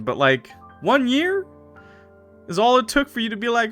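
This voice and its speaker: Bright-voiced young streamer joking. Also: male voice, extremely high pitch, huge pitch swings, normal speed. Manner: loud outbursts and laughter, crude jokes. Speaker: let's play streamer. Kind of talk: reading aloud and joking commentary. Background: faint game music.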